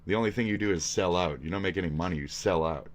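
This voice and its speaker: Low-voiced streamer guy, cussing nonstop, angry rant. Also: fast talker. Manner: crude, angry, swearing constantly. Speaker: streamer reacting to a video. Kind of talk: profane rant.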